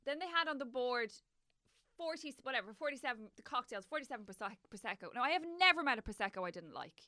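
An Irish woman telling a story at a quick clip, with a bright, crisp voice. She swears casually as she goes, and the sound is dry. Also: on the high side, expressive, no echo. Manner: brisk anecdotal, sweary. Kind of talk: storytelling chat.

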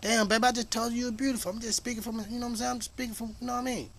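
A man's voice: very high voice, level tone, very fast, vocal fry, fairly bright tone. A man hosting a podcast in a casual monologue, emphatic, profane and preachy, rambling as he goes. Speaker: podcast host.

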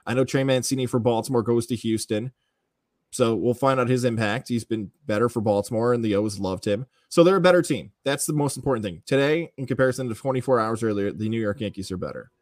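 A man's voice: medium pitch, fast talker, a little mellow, dry recording, studio quality. A man hosting a sports radio show, giving a confident, punchy rundown of the team and reading ads. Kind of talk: sports analysis and ad reads.

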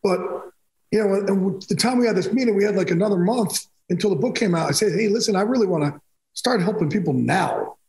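A man's voice: high-pitched, expressive, fast talker, vocal fry, a little mellow, reverberant, low-quality recording. A man telling personal stories as a podcast guest, emphatic and rambling, restarting sentences often. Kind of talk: candid storytelling in a podcast interview.

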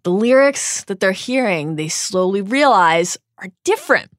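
Lively woman recapping with expressive flair. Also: mid-range voice, unhurried, dry recording, clean studio sound. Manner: lively, expressive storyteller voicing quotes. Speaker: podcast co-host. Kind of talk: scripted recap with banter.

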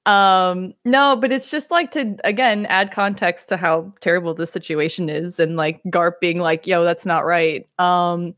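A woman leading a casual podcast discussion, excited and joking, with some swearing. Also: lowish voice, a little slow, few pauses, dry recording, clean studio sound. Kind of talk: casual chat.

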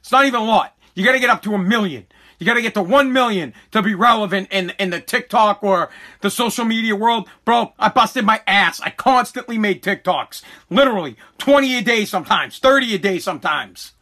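Male podcast host, furious rant, high voice, stammers and restarts. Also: brisk, sharp tone. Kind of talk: angry live-streamed podcast rant.

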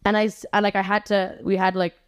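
A woman's voice: medium pitch, level tone, quick pace, smooth, no room sound. Chatty young woman, dry close sound. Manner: chatty, lots of "like" and restarts, swears casually. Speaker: guest. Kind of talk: casual podcast chat.

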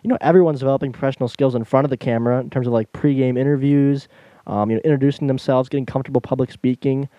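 A young man co-hosts a relaxed podcast, speaking quickly and eagerly, tripping over a word now and then. His voice is warm and mellow, recorded dry and close with no room sound. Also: mid-range voice, no room sound, highs cut off. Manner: fast-talking, enthusiastic, stumbles when slowing down. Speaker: podcast co-host. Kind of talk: casual podcast chat.

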